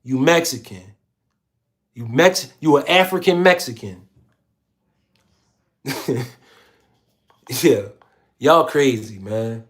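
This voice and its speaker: A man's voice: mid-range voice, animated, slow pace, long pauses, fairly bright tone. A man hosting a casual livestream, reading viewer comments aloud in a slangy, laid-back way. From Philadelphia. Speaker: livestream host.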